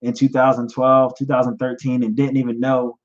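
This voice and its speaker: A man in his thirties, a podcast host telling his own story in a personal testimony, emotional and halting, repeating himself and fighting back tears. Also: medium pitch, flat delivery, lo-fi sound. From United States. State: choked up, near tears. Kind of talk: personal testimony, live stream talk.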